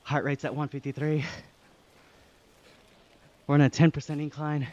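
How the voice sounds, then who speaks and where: A man's voice: fairly high pitch, flat delivery, moderate pace, darkish tone, lo-fi sound. A man from Australia with an Australian accent, live-streaming and reading out chat while he cycles on an indoor trainer. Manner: reads chat aloud and thanks viewers, breathy from exertion.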